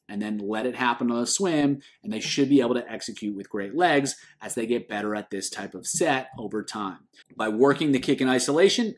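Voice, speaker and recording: A man coaching swimmers through training concepts in a clear explainer style. His pitch is mid-range and his voice lifts and dips with animated emphasis as he ticks through lists. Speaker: swim coach. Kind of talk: instructional explainer.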